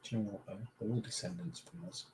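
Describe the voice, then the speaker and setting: A man's voice: on the low side, big pitch swings, fast talker, darkish tone, slight background noise. Jokey man with an East Midlands twang. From Lincolnshire, England. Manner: jokey, teasing banter. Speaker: livestream co-host. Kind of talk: casual livestream chat.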